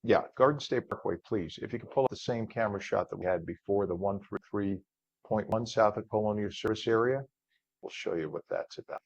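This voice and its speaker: A man's voice: fairly low pitch, a little fast, creaky, a little mellow, no room sound. A man hosting a live morning news and talk show, chatty and upbeat. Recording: dull, dry studio sound.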